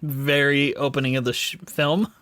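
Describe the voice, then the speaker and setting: A man's voice: mid-range voice, little pitch movement, normal speed, a bit bright. A man co-hosting a podcast in casual chat, laughing often as he talks. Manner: giggly, laughs often while talking. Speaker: podcast co-host.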